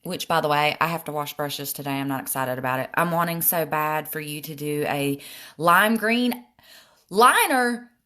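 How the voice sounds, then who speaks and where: An older woman with a Southern drawl talks through her makeup in a loose, self-deprecating way, answering viewers as she goes. Her voice sits a little low. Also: moderate pace, bright, forceful tone. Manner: chatty, self-deprecating, reads comments aloud. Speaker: makeup live streamer. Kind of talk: casual makeup tutorial live stream.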